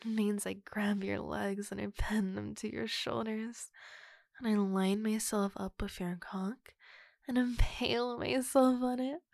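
A woman voicing a muscular wolf-girl monster, flustered yet forward, in an audio role-play, speaking slowly with a gravelly edge and slipping into breathy whispers. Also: fairly high pitch, dry recording, studio quality. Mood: domineering.

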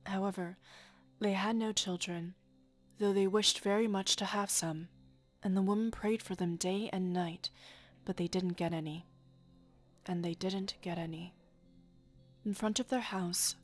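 A woman reading a fairy tale aloud in a soft, often half-whispered voice. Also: mid-range voice, fairly even intonation, normal speed, soft background music. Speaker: storyteller.

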